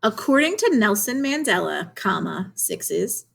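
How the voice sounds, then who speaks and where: A young adult woman, a teacher, giving a remote lesson to children in a clear, encouraging classroom manner, asking questions along the way. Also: mid-range voice, very animated, a little slow.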